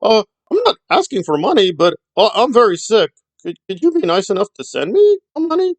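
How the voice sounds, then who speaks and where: A man's voice: high voice, huge pitch swings, a little fast, no echo, voice pushed up, heavily acted. A man putting on a mocking, whimpering impression of a self-pitying woman who claims she is sick. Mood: whining mockery.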